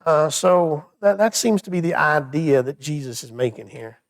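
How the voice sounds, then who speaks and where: A man leading a Wednesday evening Bible study in a church, talking in a conversational way with frequent stammered restarts and a voice that drops low when he turns reflective. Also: expressive, moderate pace.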